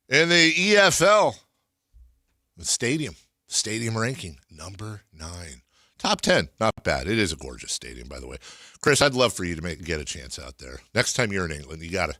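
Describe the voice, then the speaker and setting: An American man hosting a casual sports talk radio show in a studio, talking in animated, rambling asides. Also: sits low, no echo. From United States.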